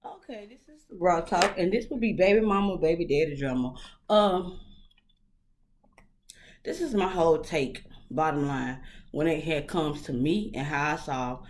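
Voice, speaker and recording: A woman's voice: low-pitched, a little slow, darkish tone. A woman hosting her own talk vlog, talking casually and frankly in a rambling way, with lots of fillers and swearing. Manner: blunt, opinionated, swears freely. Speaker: host. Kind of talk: casual solo vlog monologue.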